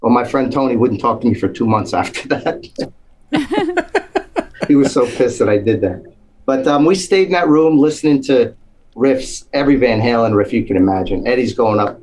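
A man's voice: mid-range voice, big pitch swings, normal speed, darkish tone, slight background noise, low-quality recording. A man telling a long story in casual chat, acting out the voices of the people in it. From New Jersey. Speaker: guest storyteller.

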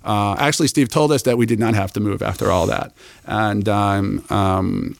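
A man telling a story as an interview guest, animated and acting out the people he quotes. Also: on the low side, normal speed, vocal fry, dry recording.

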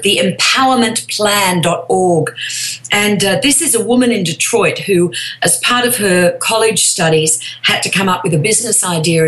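An Australian woman, a comedian and voice actor, chatting as a guest over a remote line in an animated, storytelling way. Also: medium pitch, rough recording. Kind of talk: casual interview chat. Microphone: phone or remote line.

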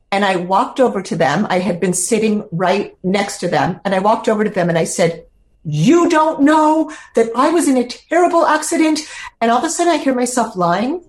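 An older woman, a podcast guest, telling her personal story in an earnest, heartfelt way, close to tears at times. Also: mid-range voice.

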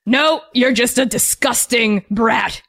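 A woman's voice: fairly high pitch, slow, creaky, fairly bright tone, no room sound, clean studio sound, exaggerated voice. Bitter gnoll, male, one-eyed, growly and scornful in a tabletop game, played by a woman. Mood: contemptuous.

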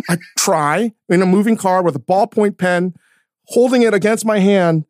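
A middle-aged man hosting a podcast, chatting casually and telling stories with animated, mock-outraged emphasis. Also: high voice, moderate pace, no echo, studio quality. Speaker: podcast host. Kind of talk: casual chat.

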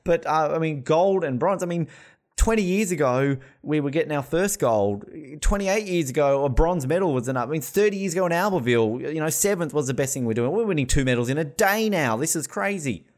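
An Australian man hosting a casual chat, excitable and swearing, bursting into shouts and laughter. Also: on the high side, brisk. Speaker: podcast host. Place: hotel room.

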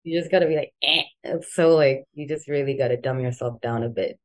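Low-voiced South African woman. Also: normal speed. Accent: South African, softened toward American. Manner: relaxed, rambling, many "like" fillers, laughs easily. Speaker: guest, musician. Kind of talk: casual interview chat.

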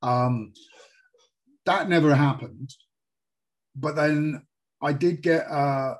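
An English man talks casually as a guest, hesitant and full of fillers and restarts. His voice is on the high side and slow.

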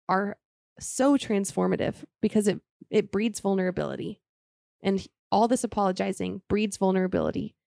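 An earnest woman shares her thoughts on a faith-based podcast, her sentences running on and on. Her voice is mellow with a gravelly edge. She sits close to a dry microphone. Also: mid-range voice, no room sound. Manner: earnest, speaks in long flowing run-ons.

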